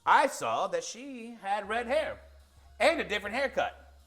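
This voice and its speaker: A man co-hosting a podcast, telling a long anecdote in a casual, animated way and acting out the quotes. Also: sits high, a little slow. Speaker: podcast co-host. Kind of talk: casual storytelling.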